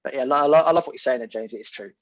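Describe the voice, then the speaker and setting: A man, a podcast guest talking in a casual, animated and emphatic way, repeating his key words. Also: medium pitch, rapid-fire. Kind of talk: casual conversation. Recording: muffled lo-fi audio.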